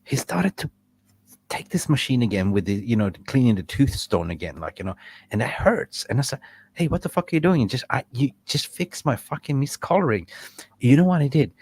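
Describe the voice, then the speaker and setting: A man hosting a casual fan chat over a call, telling animated stories and swearing freely. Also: mid-range voice, fairly quick, slightly rough. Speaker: fan show host.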